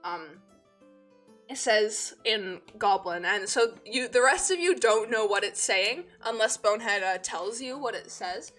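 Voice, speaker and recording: A woman's voice: mid-range voice, animated, unhurried, a bit bright, faint music behind. Rambling woman game master. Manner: rambling, full of fillers. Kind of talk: narrating a tabletop game.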